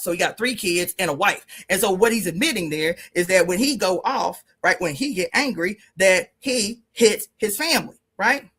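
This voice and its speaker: A woman's voice: medium pitch, animated, moderate pace, few pauses, fairly bright tone, husky. A middle-aged woman, a radio show guest, telling stories in a blunt, profane and emphatic way, laughing as she goes. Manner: laughs through her stories. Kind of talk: casual storytelling on radio.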